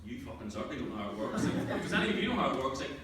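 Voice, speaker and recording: A man's voice: medium pitch, sing-song, very fast. A man doing brash, sweary, teasing live stand-up on a theatre stage. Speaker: comedian. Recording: echoey stage from far off, loud noise.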